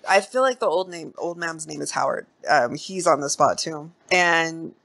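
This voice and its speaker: A woman hosting a casual movie podcast. She retells the scene in slangy, profane talk, with a fairly low voice and a bright, forceful edge. Her delivery is animated and loose. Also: normal speed, gravelly. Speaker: podcast host.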